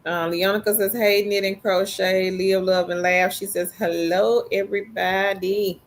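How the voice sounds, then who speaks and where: Woman co-host, slow easy livestream chat, reads viewer comments. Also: mid-range voice, level tone.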